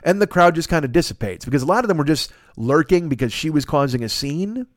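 A man hosting a podcast, telling a long comic anecdote in a casual, profane, animated way into a close mic. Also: on the high side, quick pace, no room sound. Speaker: podcast host. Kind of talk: casual comedic storytelling.

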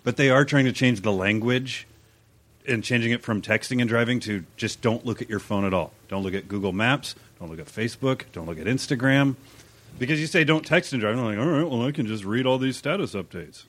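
A man's voice: medium pitch, a little fast, a bit bright. A man comedian, a guest on a podcast, eagerly jumping in with a bit in casual chat.

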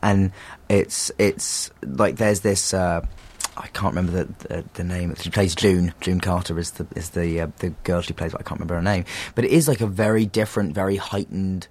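A man from England with a somewhat low voice, a guest on a podcast. He talks casually and thoughtfully, often pausing to search for words. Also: steady tone, a little mellow, breathy edge. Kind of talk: casual chat.

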